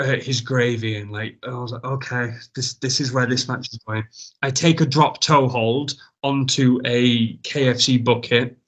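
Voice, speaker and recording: A man, a wrestler as a guest, casually telling a rambling, self-mocking story and swearing freely. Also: medium pitch.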